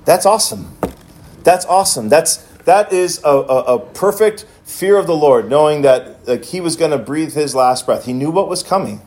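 A man's voice: a little high, lively intonation, normal speed, hardly any pauses, darkish tone. A male pastor telling a story in a sermon, with many restarts as he retells it.

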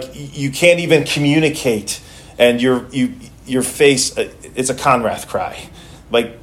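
A male pastor preaching a sermon in a conversational way, often restarting and repeating words as he goes. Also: medium pitch.

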